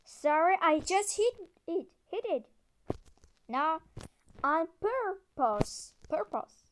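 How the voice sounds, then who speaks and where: A woman telling a homemade story video and voicing its characters, speaking halting, broken English with restarts. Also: very high voice, sing-song, slight background noise.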